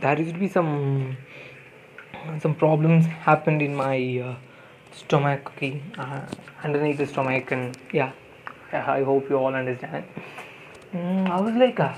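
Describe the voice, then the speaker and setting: A man's voice: fairly high pitch, measured pace, a little hiss or hum, low-quality recording. A young man with an Indian English accent, telling a casual story with many fillers, restarts and repeated words. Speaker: podcast host.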